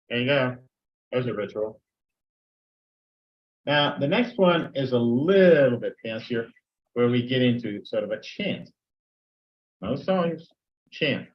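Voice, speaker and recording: A man's voice: medium pitch, animated, slow, pauses often. An older man training teachers in a conversational lecture, sometimes acting out sample dialogues. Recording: dull lo-fi recording.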